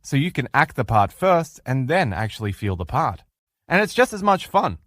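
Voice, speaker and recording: Animated emphatic male relationship coach. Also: medium pitch, moderate pace, no echo, studio quality. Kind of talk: motivational lecture.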